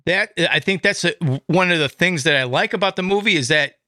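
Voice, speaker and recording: Excitable, cursing man reviewing a movie. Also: high voice, fairly quick, no room sound. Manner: excitable, swears a lot, acts out his reactions. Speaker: podcast co-host. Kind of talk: casual movie discussion.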